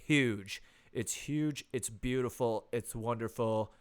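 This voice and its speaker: A man doing a quick impression of a boastful politician, repeating big superlatives, recorded on a phone. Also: medium pitch, smooth, lightly acted. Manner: bragging, repetitive superlatives.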